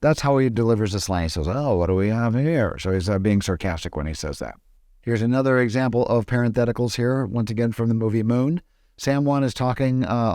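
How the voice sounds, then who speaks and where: A man explaining film production in a casual, screen-recorded tutorial, often pausing and restarting his sentences. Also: mid-range voice, a little mellow, dry recording, studio quality. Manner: hesitant, with frequent restarts.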